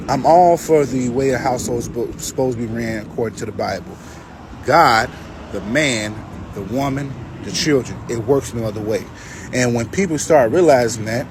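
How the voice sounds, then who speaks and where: A man's voice: medium pitch, background noise. A man giving casual reaction commentary, emphatic and repetitive, with a preachy edge as he addresses men and women directly.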